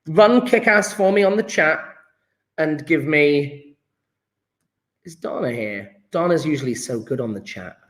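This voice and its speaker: A male chemistry teacher, running a live online lesson, talking through ideas with restarts and drawn-out repeats. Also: fairly high pitch, roomy sound. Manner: thinks aloud with restarts, drawn-out repetitions.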